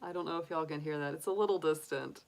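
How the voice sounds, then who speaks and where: Lady doing a tarot reading, lowish voice, rambly and chatty, lots of "um" and "like". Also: fast talker, vocal fry. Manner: chatty, rambling, many fillers. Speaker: tarot reader. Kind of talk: casual livestream tarot reading.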